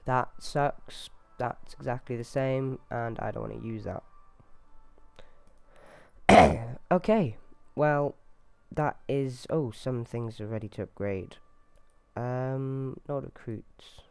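A man giving casual running commentary as he plays a video game, talking to himself with sudden excited yelps. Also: mid-range voice, takes it slowly, gravelly, smooth. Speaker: gameplay video host.

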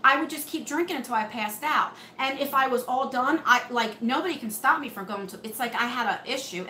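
Bright high-voiced woman chatting on a live stream. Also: reverberant, a little hiss or hum, low-quality recording. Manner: chatty, reads and answers comments. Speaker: beauty channel host. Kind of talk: live stream chat with viewers. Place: home room under hot lights.

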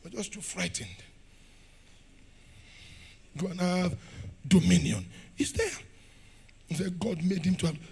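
A middle-aged Nigerian pastor preaching a fiery sermon in a church, shouting, laughing and firing questions at the congregation. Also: male voice, high-pitched, animated, a little slow, vocal fry, pauses often, husky.

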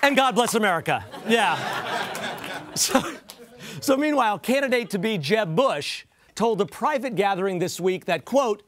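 A man's voice: sits high, animated, moderate pace, a bit bright, a faint crowd. A man hosting a comedy news show, delivering a wry, joking monologue and quoting others with mock emphasis. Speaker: host.

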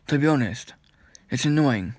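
A man's voice: mid-range voice, expressive, normal speed, darkish tone, no echo. Annoyed young man ranting, dry sound. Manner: annoyed, rambling, blunt ranting with restarts. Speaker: vlogger. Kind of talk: ranting vlog.

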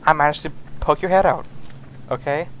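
A man's voice: a little high, steady tone, normal speed, fairly bright tone, dull audio, slight background noise. A man trash-talking and teasing his friends in a casual gaming voice chat. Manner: teasing, giggly trash talk. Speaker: gamer.

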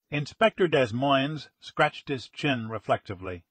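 Male narrator, mystery audiobook, steady dramatic reading, mid pitch, dry sound. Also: moderate pace, husky, no room sound.

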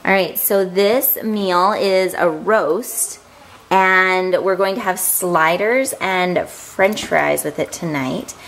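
A woman's voice: on the low side, takes it slowly, a bit bright, rough recording. A woman in her thirties, a mother hosting a casual family vlog, chatty and laughing often.

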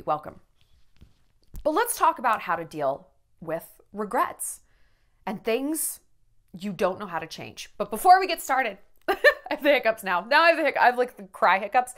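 Woman vlogger, lively pitch, raw and unfiltered, swears freely. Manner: candid, profane, rambling; emotional, tearful at times. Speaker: celebrity gossip vlogger. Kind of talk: casual vlog monologue.

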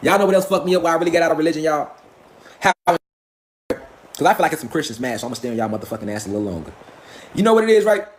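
A man's voice: a little high, lively intonation, fast, pauses often, a little hiss or hum. A man giving a profane, preachy live stream lecture, firing off rhetorical questions. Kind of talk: impassioned live stream rant.

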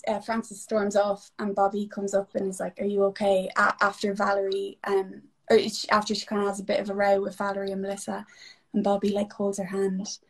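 A young woman talking in a relaxed chat among fellow actors. She gushes and rambles, circling back with fillers and false starts. Her pitch sits right in the middle. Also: brisk, gravelly. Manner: effusive, rambling with many fillers and restarts. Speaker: actress guest.

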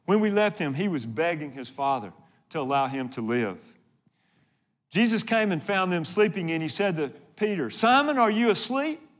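A man's voice: a little high, expressive, normal speed. A male pastor preaching a sermon, earnest and dramatic, often asking the congregation questions.

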